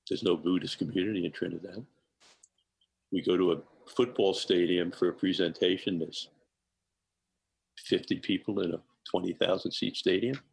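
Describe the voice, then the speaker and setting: An older man telling animated anecdotes as a podcast guest, often laughing between phrases. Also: low voice, moderate pace, vocal fry, husky. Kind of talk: storytelling in a podcast interview.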